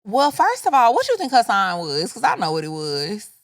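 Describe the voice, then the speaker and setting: A woman's voice: medium pitch, huge pitch swings, normal speed. Playful, swooping young woman co-host. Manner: playful, laughing, blunt and profane. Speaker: podcast co-host. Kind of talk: casual chat.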